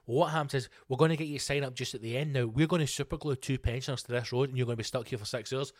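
A man's voice: mid-range voice, very fast, hardly any pauses, no room sound, clean studio sound. A Scottish man hosting a podcast, delivering a sweary, mock-outraged comedic rant. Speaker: podcast host. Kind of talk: ranting comedic podcast monologue.

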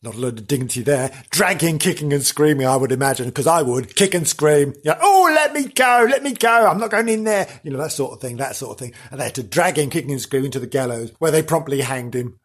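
A man's voice: mid-range voice, fast, hardly any pauses, husky. A man hosting a comedy podcast, telling ghost stories in a camp, theatrical way, full of dramatic "oh"s. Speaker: podcast host. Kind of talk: comedic storytelling chat.

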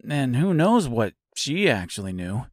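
A man's voice: mid-range voice, very animated, unhurried, no echo, clean studio sound. A man reading an audiobook, voicing an easygoing male scarecrow who talks in a nonchalant, matter-of-fact way.

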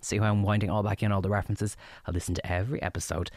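A man's voice: lowish voice, flat delivery, rapid-fire, no room sound, clean studio sound. An Irish man doing a chatty, catty and mocking podcast recap segment. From Ireland. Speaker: guest segment contributor.

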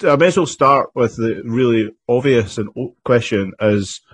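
A man's voice: medium pitch, normal speed, breathy edge, dry recording. A man co-hosting a podcast, explaining things in plain casual chat. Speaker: podcast co-host.

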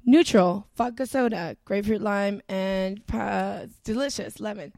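A woman's voice: mid-range voice, fairly even intonation, measured pace, vocal fry, darkish tone, no echo, studio quality. A woman co-hosting a podcast, crude and self-deprecating, laughing often and a bit stoned. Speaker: podcast co-host. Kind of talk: casual comedy chat.

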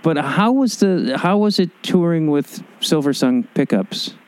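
A man hosting an interview, asking relaxed, curious, rambling questions in a casual chat. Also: a little high, measured pace, clear, resonant tone, poor audio. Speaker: podcast host.

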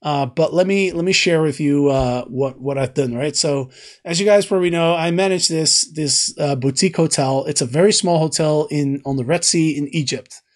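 A man's voice: on the high side, normal speed. A man hosting a live stream, reading viewer comments and talking casually with many fillers and restarts. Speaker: host.

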